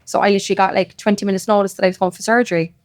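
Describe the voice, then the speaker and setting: Recorded dry and at studio quality, this medium-pitched woman speaks in a flat, slightly mellow way. She's an Irish podcast guest with a Cork accent, telling her story fast and casually with bits of quoted dialogue, in a podcast studio.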